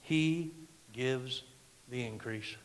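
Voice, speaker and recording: A middle-aged man preaching a sermon as a guest pastor, emphatic, swinging from loud declarations to hushed lines. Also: mid-range voice, extremely slow. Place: church sanctuary. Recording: long reverb of a large church hall.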